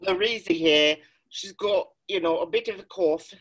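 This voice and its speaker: A woman podcast co-host putting on a British accent as a playful, chummy lady with quick banter. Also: fairly low pitch, slightly rough. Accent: put-on British. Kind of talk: casual chat in a put-on voice.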